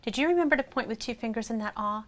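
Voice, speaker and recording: A woman teaching a phonics lesson, sounding out vowels slowly and clearly and praising the listener. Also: a little high, fairly bright tone. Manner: slow, clear, encouraging, sounds out each vowel.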